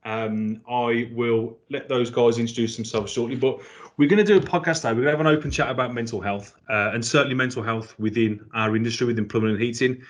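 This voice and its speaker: A man hosting a casual podcast, chatty and jokey, often restarting his phrases. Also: mid-range voice. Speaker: podcast host.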